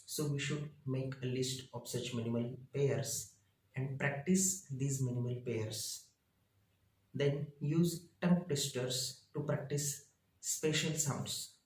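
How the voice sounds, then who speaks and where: A man, a teacher reading his lesson out slowly in short, halting phrases. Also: mid-range voice, fairly even intonation, darkish tone, echoey room, low-quality recording. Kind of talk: reading lesson slides aloud.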